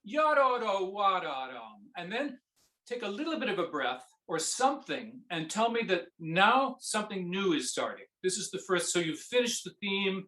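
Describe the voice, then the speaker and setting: A man coaching a viola student in a masterclass, singing musical phrases between gentle instructions. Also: high-pitched, very animated, normal speed, roomy sound. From Canada. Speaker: viola teacher giving a masterclass.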